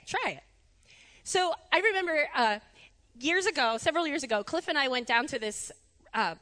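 A woman giving a conversational sermon in a church, animated and chatty, laughing easily. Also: high voice, big-room sound. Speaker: preacher. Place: church sanctuary.

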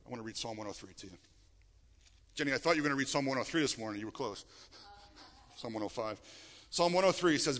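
A middle-aged male pastor preaching a sermon, animated and emphatic, with frequent restarts. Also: mid-range voice, quick pace, long pauses. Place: church sanctuary. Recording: long reverb of a church hall.

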